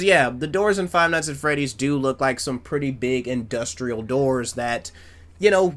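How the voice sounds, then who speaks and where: A man giving casual fan commentary as a YouTuber, rambling and swearing in an animated way. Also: mid-range voice.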